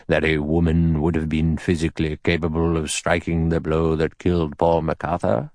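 Man voicing an old judge, thin acid tone, slow, deliberate, very low pitch. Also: flat delivery, a little mellow, dry recording. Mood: measured. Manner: slow, measured, dry. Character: elderly male judge, thin sour acid voice.

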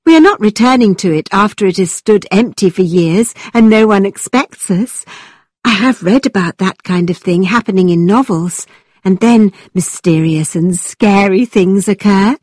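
A woman voicing an excitable young woman who speaks in a high, quavering voice with nervous eagerness. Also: moderate pace, no room sound, studio quality, close to an everyday voice. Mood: eager.

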